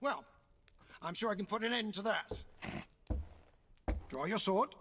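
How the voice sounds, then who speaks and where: An actor playing a stern uncle who trains a young fighter with a sword, giving measured commands. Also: male voice, sits high, lively intonation, very noisy. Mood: commanding. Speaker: combat trainer in a game.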